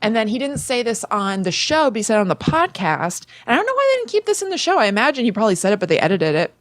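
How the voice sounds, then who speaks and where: A woman's voice: a little high, very animated, fast talker, dry recording, studio quality. Chatty young woman retelling a ghost story. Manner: chatty, filler-heavy retelling with frequent "like". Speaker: podcast co-host. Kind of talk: casual storytelling chat.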